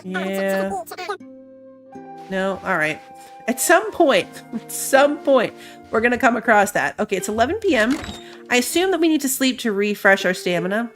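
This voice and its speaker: A woman's voice: fairly high pitch, very animated, moderate pace, faint music behind. A woman giving casual commentary on a game she is playing, chatty and playful as she thinks aloud. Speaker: gamer.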